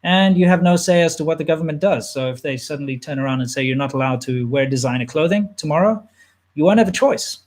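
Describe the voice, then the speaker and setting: A man in his thirties talks loosely through a list of viewer questions, trailing off and restarting as he goes. His voice sits a touch on the higher side, and the whole thing has an easygoing, unscripted feel. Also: fast. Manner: relaxed, rambling, frequent fillers and restarts. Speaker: channel host answering viewer questions. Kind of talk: casual livestream Q&A chat.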